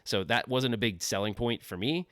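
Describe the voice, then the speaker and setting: A man's voice: fairly low pitch, moderate pace, fairly bright tone, no echo, clean studio sound. A man hosting a casual livestream from his home office, rambling and joking, often laughing at himself. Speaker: livestream host.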